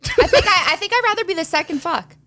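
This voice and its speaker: Woman, podcast guest, brash, joking, high pitch, lively. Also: fast. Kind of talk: casual crude banter.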